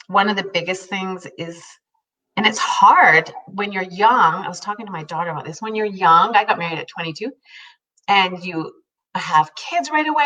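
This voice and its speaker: Her voice sits on the low side and is muffled, captured far from the mic. She's a woman in her fifties, co-hosting a relaxed conversation, a lively storyteller who laughs often and performs the quotes she recounts.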